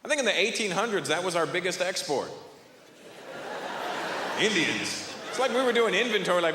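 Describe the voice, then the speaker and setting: A man performing a stand-up comedy set, animated and jumping between characters' voices. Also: high voice, moderate pace, long pauses, background noise. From Canada. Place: large theater on stage. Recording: live hall reverb with audience.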